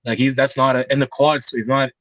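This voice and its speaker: A man's voice: medium pitch, little pitch movement, a little fast, fairly bright tone, dry recording. A man on a casual panel who talks bluntly, stopping and restarting and swearing freely. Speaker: guest competitor. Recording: muffled lo-fi dry line.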